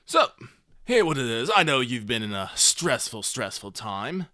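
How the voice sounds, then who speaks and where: A man voicing a scheming male gang leader villain in a gravelly voice, delivering a smug threatening speech. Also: medium pitch, big pitch swings, unhurried, sharp tone, dry recording, studio quality. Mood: smug menacing.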